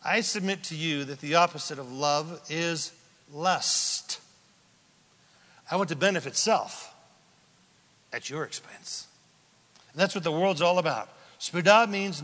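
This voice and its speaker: A man preaching a sermon as a pastor, impassioned, swinging from shouts down to a hush. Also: high-pitched, animated, unhurried, big-room sound.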